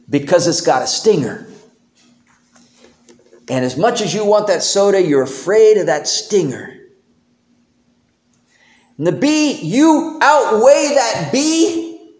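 Male pastor, sermon, high voice, slow deliberate delivery, church echo. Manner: animated, emphatic, with homely humor. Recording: roomy echo.

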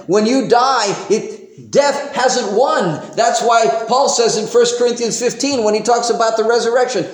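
A high-voiced male pastor preaches with a lively, swooping delivery and homely humor. He speaks slowly and emphatically. His voice rings in a roomy church echo. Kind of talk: sermon.

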